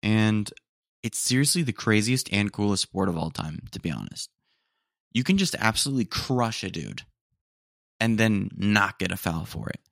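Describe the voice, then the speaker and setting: A young man rambles through a casual solo podcast, piling on slang and mock outrage. His voice sits fairly low, and the sound is close and dry with no room in it. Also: expressive, moderate pace, vocal fry, a bit bright, no echo. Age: young adult. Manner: rambling, slangy, says "dude" often, mock-indignant. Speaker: podcast host. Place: room at home, roommates nearby.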